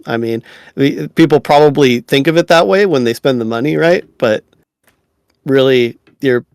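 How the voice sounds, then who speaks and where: A man co-hosting a casual gaming podcast, joking in a dry, facetious deadpan. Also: medium pitch, moderate pace, smooth, no echo. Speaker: podcast co-host. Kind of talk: casual chat.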